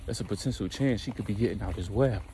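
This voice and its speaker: A man's voice: on the low side, fast, warm tone, a little hiss or hum, low-quality recording. A man casually narrating a story in slangy, conversational speech. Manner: slangy, conversational, retells with quoted voices.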